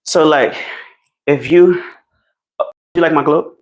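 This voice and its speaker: Animated New Jersey man live-streaming. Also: a little high, slow, no room sound, highs cut off. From New Jersey, United States. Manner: animated, chatty, addresses viewers directly, laughs often. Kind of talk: casual live-stream chat.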